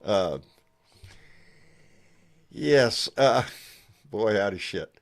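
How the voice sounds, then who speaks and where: A man's voice: fairly low pitch, lively intonation, extremely slow, vocal fry. A man hosting a casual live stream, making folksy remarks, thanking donors and wrapping up. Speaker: host.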